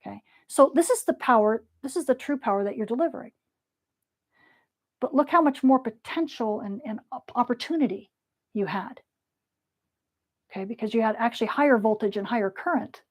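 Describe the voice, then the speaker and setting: A woman teaching a lecture with playful, lively explanations. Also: a little high, fairly quick, pauses often.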